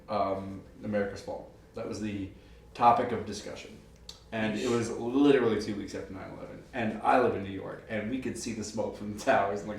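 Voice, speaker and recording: Guy in his 30s cohosting, laughs a lot, rambly, sounds far off in a boomy room. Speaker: co-host. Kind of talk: casual chat. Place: room, on a couch. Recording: echoey room, distant mic, faint noise.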